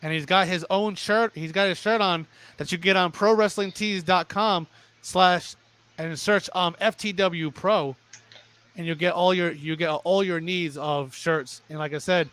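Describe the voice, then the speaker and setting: A young man doing excited play-by-play wrestling commentary, often restarting mid-sentence. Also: high-pitched, smooth, no echo. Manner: rapid, stumbling restarts, plugs sponsors.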